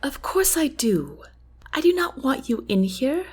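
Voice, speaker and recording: A woman voicing a thoughtful, guarded young queen in an audiobook, formal and measured. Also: sits high, sing-song, pitched above the performer's own voice. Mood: earnest. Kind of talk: audiobook character reading.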